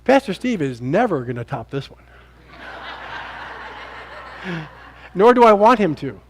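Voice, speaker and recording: An American pastor delivers an energetic sermon, voice pitched high for a man. He talks to his flock, teases them and plays out small scenes as he makes his point. He is heard in a church. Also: measured pace. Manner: animated, acts out characters, jokes with congregation. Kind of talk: lively sermon. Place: church sanctuary.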